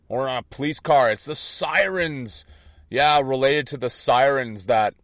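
Man, impassioned spiritual monologue, intense, defiant, unhurried delivery, dry close sound. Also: on the high side, dry recording. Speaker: online preacher.

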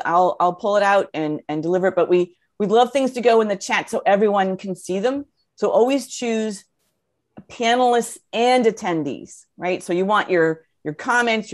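A woman moderating a live webinar, upbeat and effusive, with frequent fillers as she introduces guests. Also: medium pitch.

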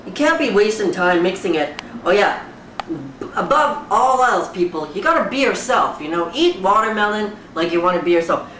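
A young comic from Fiji delivers a loud, profane rant full of exaggerated outrage, like a mock talk-show host. The tone is bright and sharp, and the mic sits back from the speaker in a roomy space with faint hiss behind. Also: mid-range voice, moderate pace, far from the mic. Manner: loud, animated, swearing constantly, exaggerated outrage. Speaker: comedian recreating a talk show.

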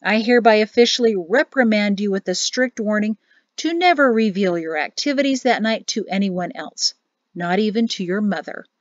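A woman reading as a sly, fatherly old general in a storybook, measured and formal in his speech. The recording is dull and lo-fi, with a close, dry sound. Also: medium pitch, no echo, close to an everyday voice. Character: older male high general, sly and fatherly.

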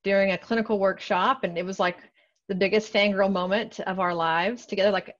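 A woman's voice: medium pitch, steady tone, a little fast, dull audio. A woman hosting a webinar, introducing a guest in a bubbly, upbeat way with casual slang over a video call. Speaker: webinar host.

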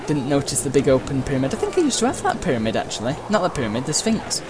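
A fast-talking man with a fairly high voice and huge pitch swings gives rambling let's-play commentary on a race. Uhs, side stories and playful exclamations abound, backed by game music and sound effects.

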